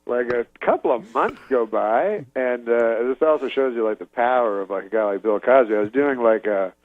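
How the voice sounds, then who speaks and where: A man from Canada, a comedian appearing as a talk show guest, telling a long anecdote in a halting, deadpan way. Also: mid-range voice, dry recording, narrow, tinny audio. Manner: halting, deadpan, full of fillers and restarts. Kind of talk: casual rambling anecdote.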